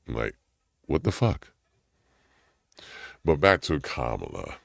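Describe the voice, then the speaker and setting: A man's voice: wildly swooping pitch, takes it slowly, dry recording, studio quality. A man delivering a heated, profane personal rant; his voice climbs sharply when he gets indignant. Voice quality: gravelly low voice.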